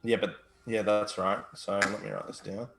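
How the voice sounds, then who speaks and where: A man's voice: fairly low pitch, level tone, moderate pace, creaky, over music. A man playing in a tabletop game over an online call, easygoing and self-deprecating. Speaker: player. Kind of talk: casual chat in a tabletop game. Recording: roomy echo on the voice.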